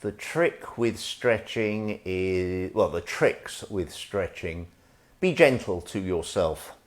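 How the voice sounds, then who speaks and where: Slow, deep-voiced calm stretching instructor. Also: male voice. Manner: calm, gentle, wry asides. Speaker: tai chi instructor. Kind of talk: guided stretching class. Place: indoors at home, live stream.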